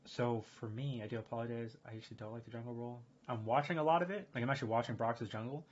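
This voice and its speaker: A man streaming casual chat, rambling and excitable, full of fillers and restarts. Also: mid-range voice, very fast, a little hiss or hum. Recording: dull lo-fi stream audio.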